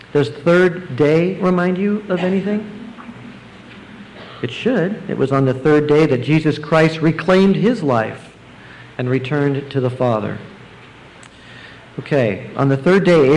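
Guy preaching a sermon, kinda high voice, gets all emphatic. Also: rough recording. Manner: emphatic, rising to bursts of excitement. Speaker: pastor.

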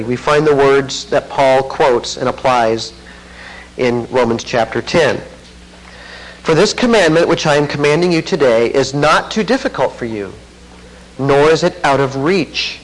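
A man preaching an expository sermon, reading scripture aloud and commenting with earnest, swelling emphasis. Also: rough recording. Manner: earnest, rising to fervent emphasis then dropping low.

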